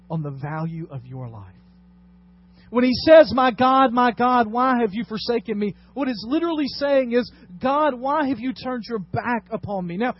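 High-voiced pastor preaching a sermon. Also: male voice. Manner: dramatic swings between quiet and loud delivery. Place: church sanctuary. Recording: dull lo-fi sound with faint noise.

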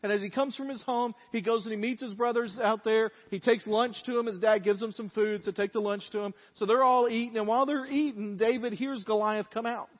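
High-voiced preaching man in reverb. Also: fairly even intonation, fairly quick, few pauses, highs cut off. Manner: folksy, conversational preaching with asides to the congregation. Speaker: pastor. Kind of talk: sermon. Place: church sanctuary.

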